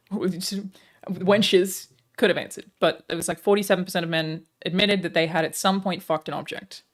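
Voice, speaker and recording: A woman streamer chatting live with her viewers in a sarcastic, deadpan, profane way. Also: fairly low pitch.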